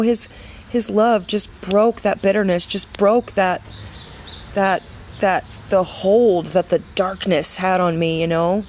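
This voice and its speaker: A woman's voice: mid-range voice, a little mellow, slight background noise. A woman in her thirties giving a personal faith testimony in an earnest, conversational way, full of fillers and restarts. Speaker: women's ministry speaker.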